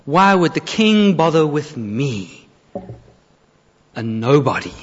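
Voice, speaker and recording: A man preaching a sermon, retelling a Bible story with expressive storytelling and acted-out quotes. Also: on the high side, slow pace. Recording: reverberant hall, dull lo-fi sound.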